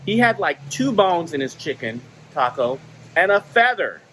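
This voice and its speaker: Animated man telling stories, slightly high voice. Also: normal speed, slight background noise, poor audio. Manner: animated, laughs often, acts out quoted exchanges. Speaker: vlogger sharing stories. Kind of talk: casual storytelling monologue.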